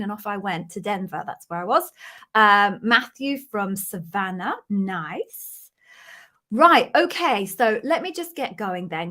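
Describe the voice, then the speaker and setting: A woman's voice: fairly high pitch, a bit bright. A middle-aged British woman with a cold, hosting a casual live stream from her home office and greeting viewers in an apologetic, chatty way. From Britain. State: has a cold. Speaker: livestream host, former Amazon interviewer. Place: home office with sound-absorbing panels. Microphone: webcam live stream.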